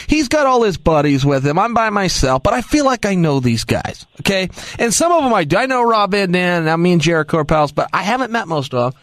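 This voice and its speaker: Excitable high-pitched man telling stories. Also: no echo. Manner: excitable, emphatic, self-mocking. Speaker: radio show guest. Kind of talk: animated storytelling.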